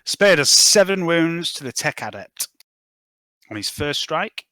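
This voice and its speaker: Bright-voiced game master. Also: male voice, fairly high pitch, animated, no room sound. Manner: brisk, swearing, tallies dice aloud. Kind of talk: narrating a tabletop game.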